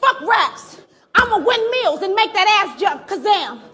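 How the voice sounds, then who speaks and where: A woman performing a live battle rap, taunting her opponent with aggressive, shouted punchlines. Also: very high-pitched, very animated, normal speed. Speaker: battle rapper. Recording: live event with crowd behind.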